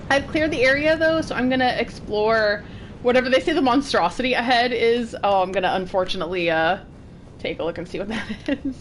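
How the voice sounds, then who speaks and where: A young woman streaming a game, chatting and gushing excitedly as she plays and reacts. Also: a little high, normal speed, a little hiss or hum. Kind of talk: live gameplay commentary. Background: game music.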